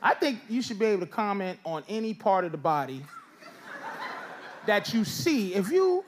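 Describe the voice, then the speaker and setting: A man doing loud, teasing stand-up crowd work on a comedy stage. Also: sits high, very animated, normal speed. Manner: loud, teasing, riffing with the audience. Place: comedy stage before a live audience. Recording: noisy live show with crowd laughter.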